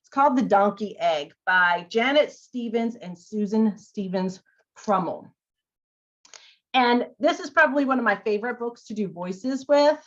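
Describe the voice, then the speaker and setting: A woman teacher and former librarian giving chatty, expressive tips on reading aloud to children. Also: a little high, measured pace. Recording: dull lo-fi audio.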